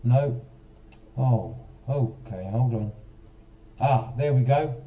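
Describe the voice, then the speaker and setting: A man's voice: mid-range voice, takes it slowly, dark tone, distant mic. A man hosting a casual live stream, chatting straight to viewers and quizzing them, with a self-mocking manner.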